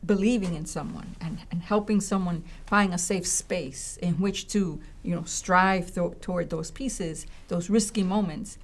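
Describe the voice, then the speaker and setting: A woman's voice: lowish voice, measured pace, hardly any pauses. A woman college educator telling a story in conversation, acting out voices and often checking in with "right?" and "you know.". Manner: animated, acts out voices in her stories.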